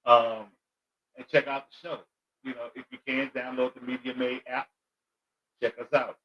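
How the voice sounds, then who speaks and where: A man, a comedian guest on a podcast, talking candidly in relaxed chat and stumbling over his words. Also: medium pitch, moderate pace, muffled recording.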